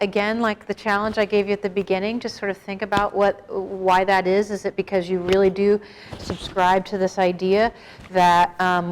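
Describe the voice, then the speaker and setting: A middle-aged woman giving a talk to a live group, speaking at an ordinary mid pitch. She is plain-spoken and informal, and she draws the listeners in with direct questions. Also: a little hiss or hum. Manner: conversational, asks the audience questions. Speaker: guest speaker on suicide prevention.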